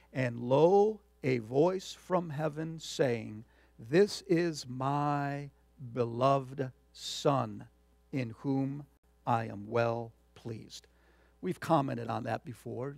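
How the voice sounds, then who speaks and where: A male pastor preaching a verse-by-verse sermon, emphatic and full of restarts, swinging from loud stressed words to quiet asides. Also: mid-range voice, gravelly, no echo. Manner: emphatic, with frequent fillers and restarts. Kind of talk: expository sermon.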